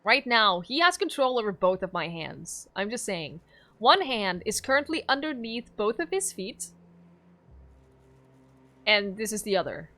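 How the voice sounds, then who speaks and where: A woman's voice: mid-range voice, very animated, a little slow, sharp tone. A woman from Norway, streaming a game and chatting casually, giggling and cooing at her dog.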